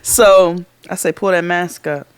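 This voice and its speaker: Animated, profane male podcast storyteller. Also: high voice, unhurried, clean tone, no room sound. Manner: animated, profane, acts out quotes loudly. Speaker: podcast co-host. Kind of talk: casual storytelling chat.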